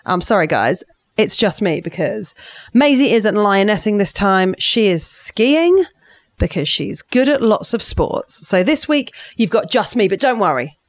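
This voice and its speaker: A woman's voice: mid-range voice, lively intonation, a little slow, no room sound. A woman hosting a football podcast, chatting playfully and reading out results in a self-mocking way. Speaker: podcast host. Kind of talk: casual podcast chat and results roundup.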